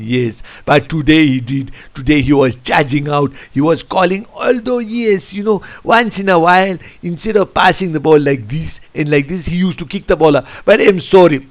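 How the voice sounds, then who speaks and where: A man coaching football, reviewing a match over a tactics board in an animated, rambling way. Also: on the high side, vocal fry. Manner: animated, rambling, keeps saying "I tell you". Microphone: computer mic. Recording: lo-fi screen recording.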